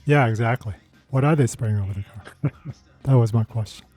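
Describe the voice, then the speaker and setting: A man's voice: medium pitch, moderate pace, mellow, no echo. An American man co-hosting a podcast, chatting casually in a rambling, questioning way with many restarts. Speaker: podcast co-host. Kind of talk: casual banter.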